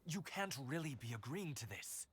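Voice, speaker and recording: An actor voicing a worried official in a game, hesitant and polite. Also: male voice, a little high, big pitch swings, moderate pace, fairly bright tone, a little hiss or hum. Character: anxious male shipment official. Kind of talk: game cutscene dialogue.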